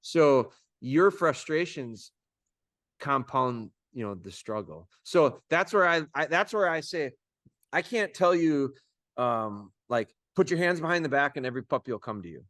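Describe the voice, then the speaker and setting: A man's voice: mid-range voice, animated, a bit bright, no echo, clean studio sound. Folksy male dog trainer on a call. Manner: folksy, informal, talks in quick restarts. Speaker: dog trainer coaching clients. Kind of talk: casual coaching over a video call. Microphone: video call.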